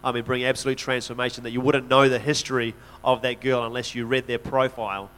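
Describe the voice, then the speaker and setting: A man's voice: mid-range voice, level tone, fast talker, fairly bright tone. A man speaking as a missionary in a church talk, telling stories earnestly and conversationally, often restarting his sentences. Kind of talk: church talk, personal storytelling.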